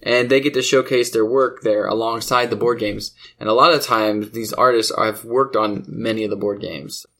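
A man's voice: fairly low pitch, fairly even intonation, normal speed, few pauses, sharp tone. A man hosting a podcast, chatting casually and telling stories with easy laughs. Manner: chatty storytelling, laughs easily. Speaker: podcast host. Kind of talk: casual chat about board games.

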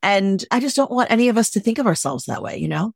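A woman's voice: mid-range voice, fast talker, creaky, no room sound, clean studio sound. A woman wedding planner talking emphatically in a casual podcast interview, often acting out little quotes. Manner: emphatic, animated, acts out quotes. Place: lives in Los Angeles.

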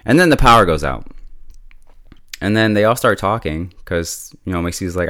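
A man with a low, smooth voice recaps a TV episode in loose, chatty talk, dropping in laughs and filler words as he goes. The sound is close and dry, with no room echo at all. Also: moderate pace, long pauses. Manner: relaxed, chatty, laughs often, heavy use of "like" and "yo". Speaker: TV show reviewer. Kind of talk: casual episode recap and review.

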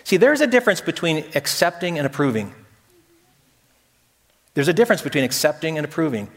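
A man's voice: a little high, very animated, brisk, fairly bright tone. A man preaching a sermon as pastor, talking conversationally with emphatic repetitions and acted-out quotes, in a church sanctuary. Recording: echoey hall.

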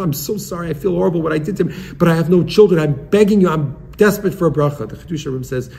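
A man's voice: medium pitch, a little mellow. A man, a rabbi, teaching the weekly Torah portion in an earnest way, explaining Hebrew terms one by one. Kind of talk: Torah lesson with a told story.

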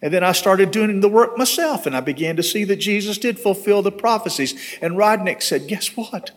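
A man's voice: high-pitched, animated, fairly quick. A man, a pastor, preaching a storytelling sermon in a church and closing in earnest prayer. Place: church sanctuary.

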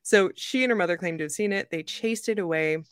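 A young adult woman hosting a podcast, telling a story in a lively, joking way and laughing often. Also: lowish voice, brisk, no room sound, clean studio sound. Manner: animated, jokey, laughs often. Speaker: podcast host. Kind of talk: casual storytelling chat.

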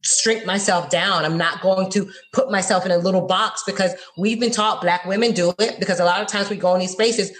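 Fast-talking animated woman. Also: medium pitch. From Florida, USA. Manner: animated, expressive storytelling. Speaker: guest. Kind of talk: conversational interview.

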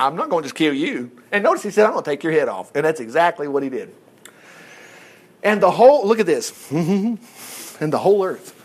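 A man preaching a sermon, retelling a story with animated asides and frequent chuckles. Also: a little high, husky. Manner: animated storytelling, acts out quotes, chuckles often.

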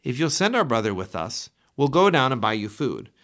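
A man's voice: mid-range voice, big pitch swings, a little fast, fairly bright tone. A man reading the earnest, persuasive words of a grown son reasoning with his father.

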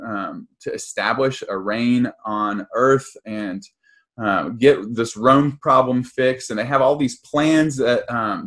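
A young man gives a sermon in a relaxed, conversational way. He sounds earnest and often stops to say um or restart a phrase. His voice sits at an ordinary middle pitch. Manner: casual and earnest, with frequent ums and restarts. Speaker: pastor.

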